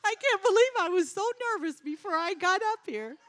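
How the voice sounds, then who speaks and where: A woman's voice: extremely high pitch, animated, a little fast, a bit bright, a little hiss or hum. A middle-aged woman giving a devotional talk at a church gathering, telling a homey story in a chatty way and laughing often between lines. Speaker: lay speaker at a church gathering.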